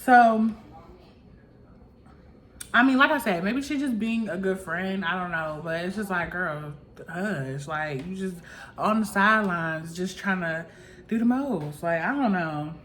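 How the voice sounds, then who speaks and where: A woman's voice: lowish voice, measured pace, a bit bright, slight background noise. A woman vlogger casually recapping a reality show episode in a chatty, gossipy way, full of "like" fillers.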